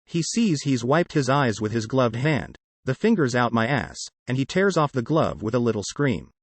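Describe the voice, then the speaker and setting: Brief: male audiobook narrator, sardonic, animated pitch, dry close sound. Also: normal speed, no echo. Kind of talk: first-person novel narration.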